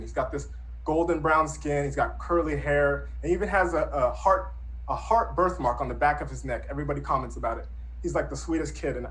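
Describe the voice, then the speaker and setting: A man's voice: on the high side, a bit bright, poor audio. A man in his thirties telling a true personal story in an earnest, reflective, conversational way. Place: Brooklyn.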